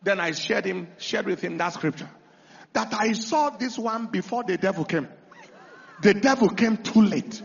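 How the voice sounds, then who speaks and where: A man preaching a sermon, telling a story dramatically and bursting into shouted commands. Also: high voice, animated, measured pace, vocal fry. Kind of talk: sermon with testimony. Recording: dull lo-fi recording.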